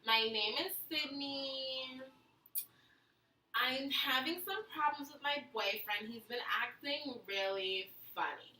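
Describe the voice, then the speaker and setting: A woman putting on a slow Valley Girl letter-writer. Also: high voice, pushed and bright, full character voice. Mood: worried. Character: young woman writing in about a boyfriend. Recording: echoey room, mic far off, faint noise.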